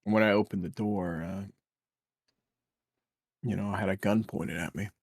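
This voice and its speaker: Guy doing a guarded street-raised smuggler, lowish voice, explains himself, dry room. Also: steady tone, normal speed, creaky, dry recording.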